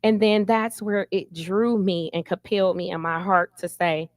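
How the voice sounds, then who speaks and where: A woman's voice: lowish voice, fairly even intonation, normal speed, no echo. A middle-aged woman running for city council, answering an interview in a candid, emphatic storytelling manner.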